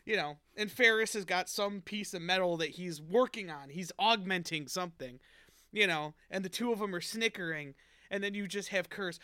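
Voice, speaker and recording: Animated, bright-voiced man chatting. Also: high-pitched, moderate pace, smooth, no room sound, studio quality. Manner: animated, storytelling, laughs often. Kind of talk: casual chat.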